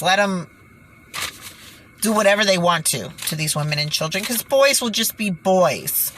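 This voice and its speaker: An animated woman with a medium, fairly bright voice offers indignant commentary on her own channel at a moderate pace. Reading from news reports, she sighs in exasperation and fumbles her words, with slight background noise audible.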